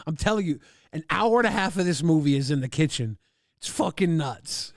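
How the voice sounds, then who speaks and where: A male streamer talking casually over a trailer, excitable and profane, laughing at his own jokes. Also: a little high, brisk, no room sound, studio quality. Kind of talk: casual livestream commentary.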